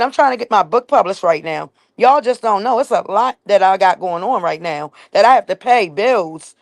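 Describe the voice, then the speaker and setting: A woman's voice: medium pitch, gravelly, no room sound. A woman with kids talking bluntly to her viewers on a casual live stream, driving home each point with "facts" and "period.". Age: adult with children. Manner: blunt and emphatic, keeps punctuating with "facts" and "period".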